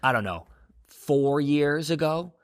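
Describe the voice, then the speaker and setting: A man's voice: on the high side, expressive, slow. A man co-hosting a podcast, chatting casually and emphatically, with some swearing. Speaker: podcast co-host. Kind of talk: casual sports chat.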